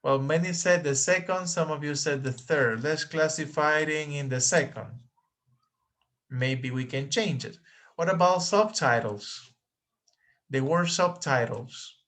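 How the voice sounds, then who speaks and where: Slow, patient man teaching English. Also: on the high side, a bit bright. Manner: patient, repeats words slowly for students. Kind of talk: online class instruction.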